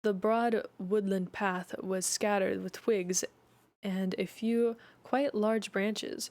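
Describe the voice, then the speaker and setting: A woman streamer reading a mystery novel aloud, slowly and with frequent slips and restarts. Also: mid-range voice, fairly even intonation, a little mellow, dry recording.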